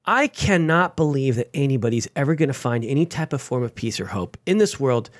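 A man, a veteran guest on an interview show, telling his story with energy and sudden jumps in pitch. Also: lively intonation, brisk, dry recording. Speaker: guest, veteran and nonprofit founder.

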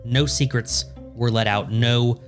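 A man at an ordinary mid pitch tells a history story in a loose, chatty way, swearing and laughing as he goes. Faint music sits softly in the background. He sounds like a podcast co-host talking with a friend. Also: steady tone, measured pace. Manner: casual, profane, laughs often. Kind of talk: casual storytelling chat.

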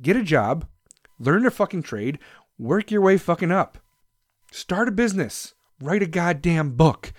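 Furious high-voiced ranting man. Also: animated, a little slow, no echo, studio quality. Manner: aggressive, shouting, swears constantly. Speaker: vlogger. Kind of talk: angry profane rant to camera.

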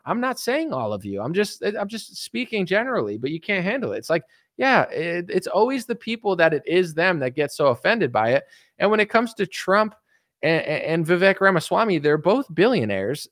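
A man's voice: high-pitched, a bit bright, dry recording, clean studio sound. Exasperated man in his thirties ranting. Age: 30s. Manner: exasperated ranting, mocking others in put-on voices. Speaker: political commentator. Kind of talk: casual monologue.

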